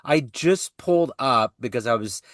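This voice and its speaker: A man's voice: mid-range voice, animated, normal speed, a bit bright, no room sound, studio quality. A man hosting an interview, asking loose, rambling, conversational questions. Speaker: interview host.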